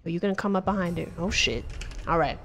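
A woman streaming a shooter game, chatting casually with profane, excitable trash talk. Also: lowish voice, fast. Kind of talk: casual gameplay commentary.

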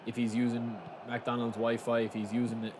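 Excitable young man commenting on gameplay. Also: medium pitch, moderate pace. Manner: chatty, swings to loud excited shouting. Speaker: gaming channel host. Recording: steady background noise.

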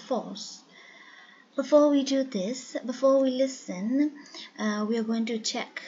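A woman teaching an English listening lesson, speaking slowly and carefully and repeating key words. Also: mid-range voice, darkish tone. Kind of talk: slow classroom explanation. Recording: dull lo-fi sound with faint hiss.

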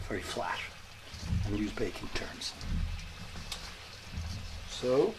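A man's voice: fairly low pitch, lively intonation, unhurried, long pauses. A man making bread in a kitchen, talking casually through each step with self-mocking jokes. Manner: self-mocking, joking asides. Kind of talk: casual cooking demonstration. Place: home kitchen. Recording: loud background noise, running water.

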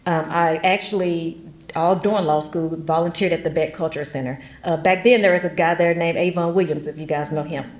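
Middle-aged woman with a slightly low voice, animated storyteller leading a workshop, recorded in an echoey room. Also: fairly quick. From West Tennessee. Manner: animated, laughs often, folksy asides. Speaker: genealogy workshop speaker. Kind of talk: chatty storytelling talk. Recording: roomy echo.

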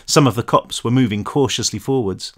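A man reading his own novel aloud as tense, expressive audiobook narration. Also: mid-range voice, brisk.

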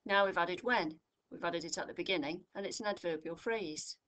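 A woman tutor from the United Kingdom walks through a grammar lesson in a slightly low voice. She speaks clearly and patiently, leaning on each example phrase so learners catch it. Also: fairly quick, fairly bright tone. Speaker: English tutor.

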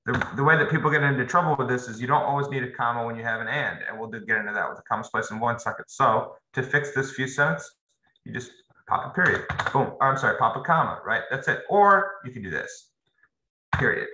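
Bright-voiced male teacher, casual and echoey. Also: mid-range voice, fast talker. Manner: loose and conversational, talks straight to students. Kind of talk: casual classroom grammar lesson. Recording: roomy echo, faint noise.

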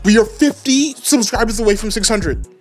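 A woman giving live gameplay commentary as a gaming channel host, excitable and rambling, trash-talking opponents. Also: a little high, normal speed, faint music behind.

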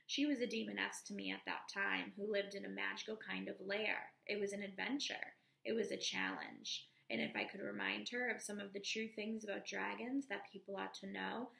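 A woman teacher reading a novel aloud to her students in a measured, careful way, calling out the page numbers as she goes. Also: medium pitch, gravelly, pushed and bright, echoey room.

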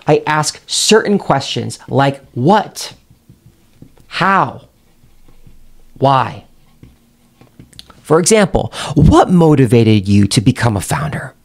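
A man coaching on how to connect with people, speaking straight to the viewer in an emphatic, demonstrative way. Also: on the high side. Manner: animated, emphatic, addresses the viewer directly. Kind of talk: direct-to-camera teaching.

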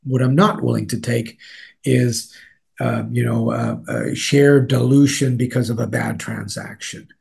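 A man's voice: medium pitch, lively intonation, measured pace, vocal fry, darkish tone, husky. A man in an interview, speaking as a newsletter editor in a rambling way, with many fillers and restarts. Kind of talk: casual interview talk.

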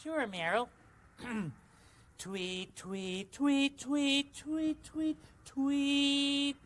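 A man voicing a big, friendly, childlike male bird on a children's TV show, gentle and eager to help. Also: high voice, very animated, a little slow, exaggerated voice. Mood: cheerful. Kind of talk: children's TV puppet comedy.

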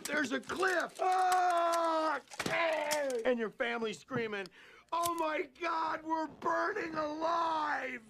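A raving storyteller who rants and acts out everyone's screams. His voice is high and gravelly, and he stretches his lines out slowly. The TV clip has a steady hiss. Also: raised voice, exaggerated voice. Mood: frantic. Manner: ranting, acting out screams.

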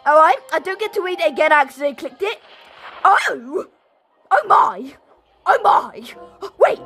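Very high-pitched, excitable gamer girl. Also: normal speed, faint music behind. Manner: goofy, excitable, shouty outbursts. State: sore throat. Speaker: gaming video creator. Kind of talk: playful gameplay commentary.

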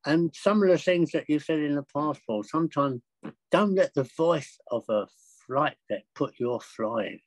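An older man telling travel stories as a podcast guest, chatty and excitable, with frequent laughs. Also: a little high, moderate pace, no room sound, low-quality recording. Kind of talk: anecdotal storytelling.

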